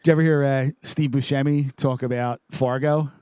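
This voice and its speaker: A man's voice: mid-range voice, steady tone, a little fast, a little mellow, clear, resonant tone, no echo. A man co-hosting a casual chat, telling stories and planning the next episode's segments. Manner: storytelling, organizes segments. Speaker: podcast co-host.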